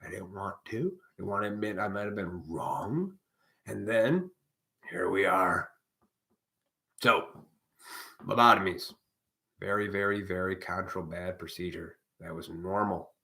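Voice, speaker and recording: A man with a somewhat low-pitched voice rants on his own live stream. He talks casually but preaches hard, swearing freely as he lectures his viewers. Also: measured pace, gravelly, long pauses, pushed and bright. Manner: blunt, profane, preachy. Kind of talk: casual ranting monologue.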